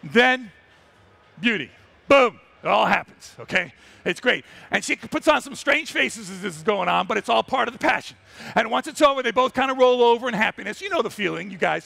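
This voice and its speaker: Exuberant high-voiced male storyteller. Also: creaky, sharp tone. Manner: exuberant, breaks into character voices. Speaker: wildlife photographer giving a stage talk. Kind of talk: animated stage storytelling. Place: trade show stage.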